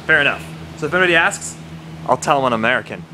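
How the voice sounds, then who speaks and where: A man's voice: mid-range voice, expressive, very fast, bright, forceful tone, slight background noise. A man from Canada, vlogging casually on city streets with a handheld camera and rambling through stories with lots of "like.". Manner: chatty, rambling, joking asides with many "like"s. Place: city streets in Taiwan, outdoors.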